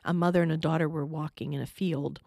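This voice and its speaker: A woman's voice: sits low, steady tone, fast talker, creaky, a little mellow, no echo, studio quality. A middle-aged woman giving parenting advice as an interview guest, patient and explanatory, often checking in with the listener.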